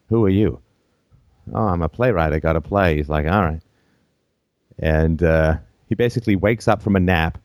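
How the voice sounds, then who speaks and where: Low-voiced man hosting a call-in show. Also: darkish tone, dry recording, studio quality. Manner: rambling, anecdotal storytelling with chuckles.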